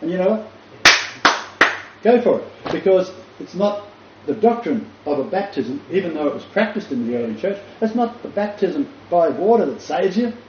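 A man's voice: sits high, big pitch swings, normal speed. An older man in ministry gives an emphatic, casual teaching talk, repeating key phrases and stumbling over fillers. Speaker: Christian ministry leader. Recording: roomy lo-fi recording with faint noise.

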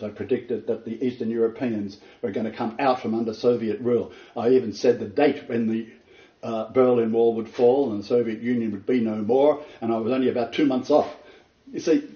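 An older man giving an informal sermon lecture, earnest and emphatic, his pitch leaping on stressed words between rambling asides. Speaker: preacher giving a Bible lecture. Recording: roomy, distant, dull lo-fi.

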